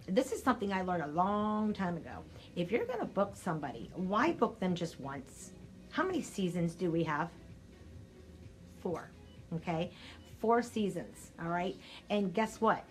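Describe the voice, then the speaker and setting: An older woman giving a chatty, energetic live coaching talk straight to her viewers, her throat scratchy and needing clearing. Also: mid-range voice. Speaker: sales coach.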